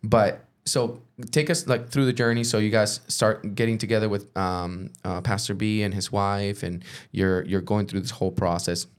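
A man's voice: lowish voice, steady tone, normal speed, few pauses. A man hosting a podcast, asking casual interview questions in an encouraging, affirming way. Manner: encouraging, affirming with frequent murmurs. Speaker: podcast host.

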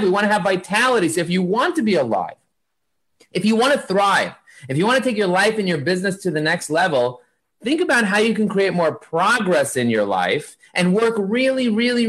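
A man with a notably high-pitched voice speaks as an interview guest, full of energy and preachy drive. He stacks his points in repeated lists, hammering each idea home the way a motivational speaker would. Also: a bit bright. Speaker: guest, marketing agency founder.

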